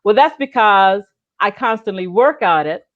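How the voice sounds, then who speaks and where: A woman author speaking in a measured, reflective way in a casual group chat over a video call. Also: mid-range voice, expressive, phone-quality sound. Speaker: author and guest.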